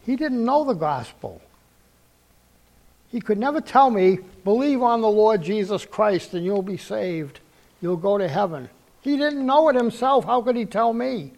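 Gravelly high-voiced older man preaching. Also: darkish tone. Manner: earnest storytelling, acts out quoted dialogue, repeats phrases. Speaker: preacher giving testimony. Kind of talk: sermon testimony.

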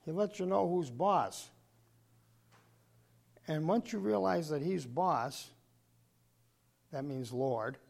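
An older man preaching a sermon, clearing his throat often and punching key words with sudden emphasis. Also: on the high side, animated, takes it slowly, long pauses, darkish tone.

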